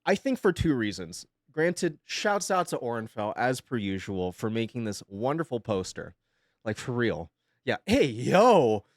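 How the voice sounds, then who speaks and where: A man's voice: mid-range voice, lively intonation, normal speed, no room sound, clean studio sound. A young man chatting casually on a live stream from his home setup, rambling, swearing freely and laughing often.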